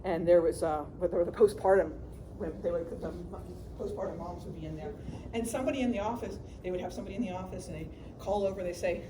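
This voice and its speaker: A middle-aged woman giving a workshop talk on grief as a counselor, chatty and lively, often checking in with the audience and laughing. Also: on the low side, fast, background noise.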